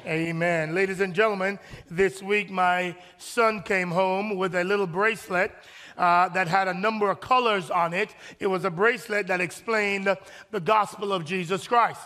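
A man preaching a sermon as pastor, with animated, lively storytelling and call-and-response with the congregation. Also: high voice, moderate pace, big-room sound.

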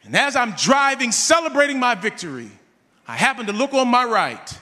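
A man preaching a sermon, telling a personal story with animated delivery and calling on the congregation. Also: extremely high pitch, moderate pace, long reverb tail.

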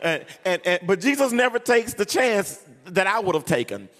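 A man preaching a sermon in an animated, humorous, sing-song way. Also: sits high, moderate pace. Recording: long hall reverb.

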